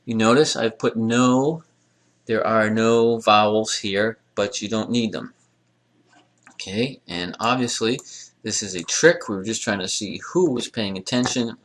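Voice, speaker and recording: Low-voiced man teaching a grammar lecture. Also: measured pace, a bit bright. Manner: wry asides, drills pronunciation aloud. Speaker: Arabic teacher. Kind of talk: recorded classroom lecture.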